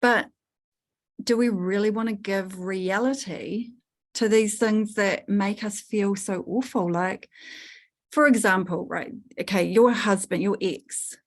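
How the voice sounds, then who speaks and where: A woman leading a spiritual workshop, coaching a participant in an earthy, animated way, laughing and swearing casually. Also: medium pitch, slow pace. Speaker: workshop leader.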